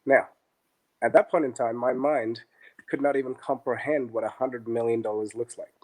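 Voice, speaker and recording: Man, middle-aged, podcast guest, lively storytelling, quotes dialogue, mid pitch. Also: moderate pace. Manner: animated, acts out dialogue in quotes. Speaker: interview guest, business founder. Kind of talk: conversational storytelling.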